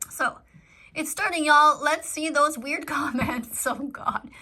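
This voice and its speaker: A middle-aged woman chatting on a live stream, her voice bright and fairly high. She talks in an earnest, pleading way and lectures her viewers as she reads their comments out. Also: slow pace. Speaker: vegan activist reading live-stream comments. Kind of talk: casual live-stream chat.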